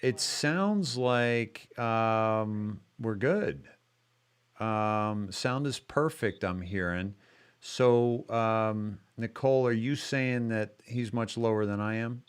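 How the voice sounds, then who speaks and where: A man's voice: lowish voice, slow pace, smooth. A man hosting a live-streamed show in casual chat, rambling with many restarts and fillers.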